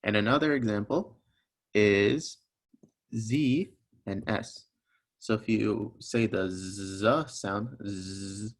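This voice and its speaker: A fairly low-pitched young man leads a recorded language lesson. He goes patiently through each sound, step by step, and repeats his examples so the listener can follow. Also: vocal fry. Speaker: teacher.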